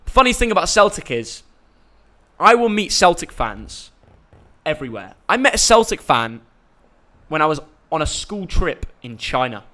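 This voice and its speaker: A man's voice: a little high, sing-song, normal speed, bright, forceful tone. A young man, hosting a casual live stream and chatting in a rambling, jokey way. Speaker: YouTube host.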